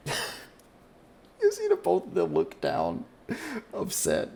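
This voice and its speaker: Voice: medium pitch, huge pitch swings, takes it slowly, creaky, darkish tone. A game master casually narrating a tabletop roleplaying scene with plenty of fillers.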